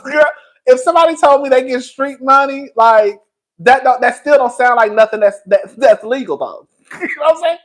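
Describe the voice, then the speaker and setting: A man's voice: very high-pitched, animated, low-quality recording. Giggly gossiping male livestream host. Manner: laughs often, drawn-out, gossipy. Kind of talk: gossip commentary.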